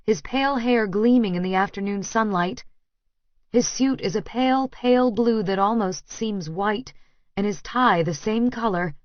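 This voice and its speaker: A woman reads a tense first-person audiobook in a steady, even manner at a middle pitch. The sound is dry and slightly dull, like a close studio booth with the top end rolled off. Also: no room sound. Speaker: audiobook narrator.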